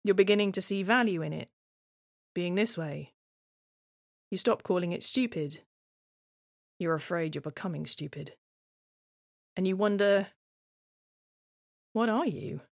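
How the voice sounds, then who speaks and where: A woman's voice: fairly low pitch, unhurried, gravelly, long pauses, no echo, clean studio sound. A woman performing a scripted first-person monologue in a wry, reflective, conversational way.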